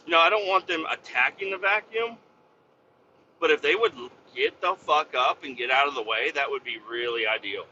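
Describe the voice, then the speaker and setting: Host, male, sharp bright voice, swears and rambles, slightly muffled lo-fi recording. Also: a little high, moderate pace, slight background noise. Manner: profane, rambling, full of fillers. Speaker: podcast host. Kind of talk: casual rambling monologue.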